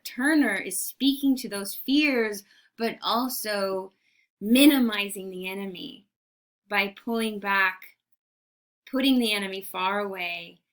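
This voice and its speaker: A woman's voice: mid-range voice, fairly bright tone. A woman art history teacher giving a recorded lecture, enthusiastic and full of rhetorical questions to her class.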